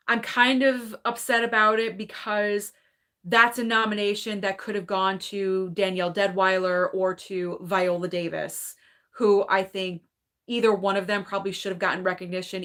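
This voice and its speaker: Bright-voiced chatty woman host. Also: medium pitch. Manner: chatty, hedging, lots of "like" and "I don't know"; opinionated and animated, quick laughs. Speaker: movie channel host reading live chat. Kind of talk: casual live-stream chat.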